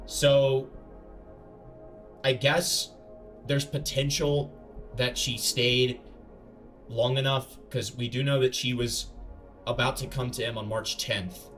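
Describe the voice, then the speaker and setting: A man's voice: mid-range voice, steady tone, slow, long pauses, fairly bright tone, soft background music. Blunt, casual male commentary host. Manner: casual, blunt, swears freely. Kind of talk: internet drama commentary.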